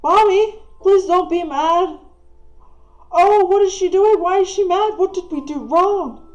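A woman voicing a sweet, needy little kitten in a high, pleading baby voice. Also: a little slow, lo-fi sound, faint music behind. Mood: distressed.

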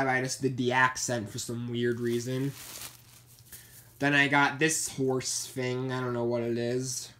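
A man's voice: mid-range voice, level tone, unhurried, fairly bright tone. A man casually rambling through a show-and-tell of his plush toy collection, chatty and meandering, often repeating himself.

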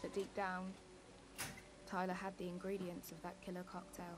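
A woman voicing a calm, reflective teenage girl narrating a drama series, measured in delivery. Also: on the low side, natural voice, low-quality recording. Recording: TV clip with ambience noise.

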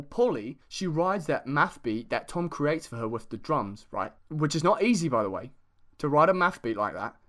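A man hosting a casual music review, talking in a put-on English accent, excitable and full of swearing. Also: a little high. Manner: excitable and sweary, lots of fillers.

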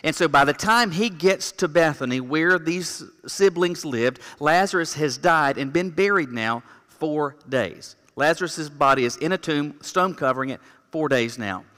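A man's voice: on the high side, expressive, a little slow, a bit bright. A man preaching a sermon as pastor, explaining scripture in a conversational way with everyday examples. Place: church sanctuary. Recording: long church reverb.

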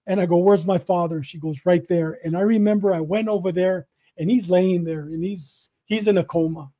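A man's voice: high voice, fairly even intonation, moderate pace, dark tone, no echo. A middle-aged man from Southern California, a retired police detective, earnestly telling a personal story and acting out the voices in it, often repeating himself. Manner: earnest, repeats himself, acts out both sides of remembered dialogue.

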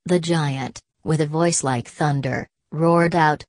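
A woman narrating a bedtime audiobook in a slow, soothing, even reading. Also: sits low, dry recording.

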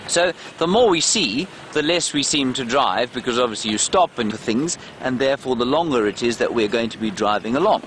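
A man's voice: mid-range voice, animated, fairly quick, hardly any pauses, a bit bright, a little hiss or hum. A man hosting a live safari game drive, chatting and answering viewer questions as he drives outdoors with a clip-on mic. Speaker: safari guide and live show host. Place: open safari vehicle outdoors. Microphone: clip-on mic, sometimes slipping.

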